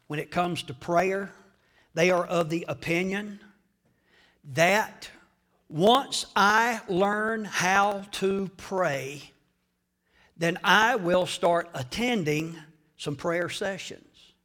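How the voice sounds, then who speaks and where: A man preaching a sermon to a church congregation, swinging between hushed whispers and loud, dramatic shouting. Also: high voice, extremely slow. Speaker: pastor.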